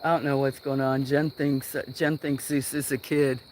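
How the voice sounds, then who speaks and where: A man's voice: medium pitch, little pitch movement, normal speed, darkish tone, a little hiss or hum. A man hosting a casual livestream from a farm, rambling along with plenty of fillers. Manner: rambling, meandering with many fillers. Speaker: livestream host. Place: farm outdoors.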